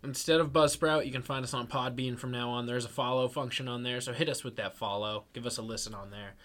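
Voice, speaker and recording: Bright young man reading a plug. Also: medium pitch, fairly even intonation, fast. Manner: playful, upbeat. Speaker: podcast co-host. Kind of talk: casual banter and read sponsor plug.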